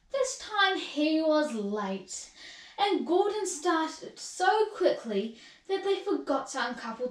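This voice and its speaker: With a high voice, a woman gives an expressive, sing-song reading of a children's storybook. The room echoes and the mic is placed well away from her.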